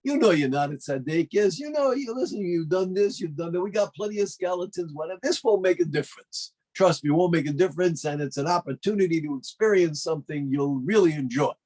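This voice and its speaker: Guy doing the evil inclination as a pushy little tempter spirit, fast and wheedling, kinda husky. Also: on the high side, animated, darkish tone. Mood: coaxing. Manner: wheedling, quick and persuasive.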